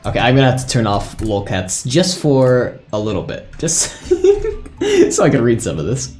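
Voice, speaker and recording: A man's voice: medium pitch, wildly swooping pitch, moderate pace, darkish tone, soft background music. A man chatting casually on a live stream as a server admin, thinking aloud and laughing often.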